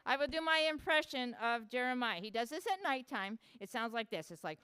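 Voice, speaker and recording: A woman's voice: fairly high pitch, lively intonation, a little fast, bright, forceful tone, clean tone, studio quality. A woman animal educator leading a playful live show for children, asking the kids lots of questions as she presents animals in a public hall.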